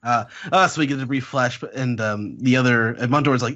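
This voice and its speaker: A man's voice: mid-range voice, a little fast, bright, forceful tone. A man hosting a podcast, chatting casually and animatedly as he recaps a comic, often chuckling as he reads lines out. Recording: slightly muffled, dull audio.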